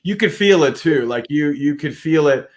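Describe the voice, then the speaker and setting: A man's voice: on the high side, expressive, normal speed. A man hosting an interview podcast, talking casually with lots of restarts. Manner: rambling, many fillers and restarts. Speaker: podcast host.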